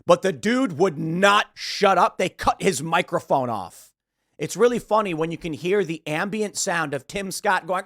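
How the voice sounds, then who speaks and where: A man's voice: sits high, moderate pace, dry recording, clean studio sound. A man hosting a political talk show, giving casual, opinionated commentary and sometimes mimicking others. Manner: animated, opinionated, mimics others mid-rant. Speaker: podcast host.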